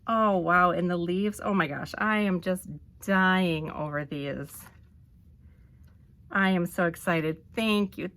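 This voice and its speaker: A woman vlogger narrating an unboxing, gushing with delight and often pausing with ums. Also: fairly low pitch, a bit bright. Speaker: crafting vlogger.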